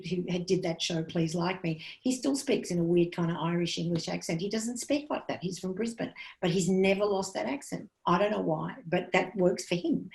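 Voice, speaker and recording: Woman, gravelly, lowish voice, frank chatty teacher, roomy echo. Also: darkish tone. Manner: chatty, frank, with restarts and asides. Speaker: comedian teaching comedy writing. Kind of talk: casual talk to a class.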